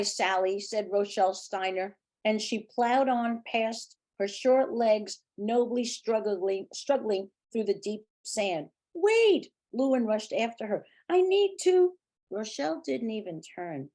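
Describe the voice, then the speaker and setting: A woman reading a novel aloud, acting out the dialogue and stopping to comment on it. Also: medium pitch. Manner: acted, lively dialogue voices. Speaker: reader.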